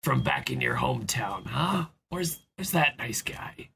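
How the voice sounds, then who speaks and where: A man voicing a nervous, gentle male woodland druid who speaks in a hesitant, hushed way. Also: medium pitch, animated, measured pace, creaky, slight background noise, heavily acted. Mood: nervous coaxing.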